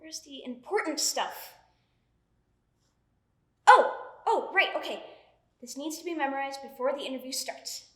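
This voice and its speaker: A woman's voice: sits high, expressive, a little slow, pauses often, bright, forceful tone, voice pushed down, full character voice. A young woman performing a monologue as an anxious young woman who rehearses for a college interview and scolds herself. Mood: fretful. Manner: frantic self-scolding, chattering to herself. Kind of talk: stage monologue. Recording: roomy echo.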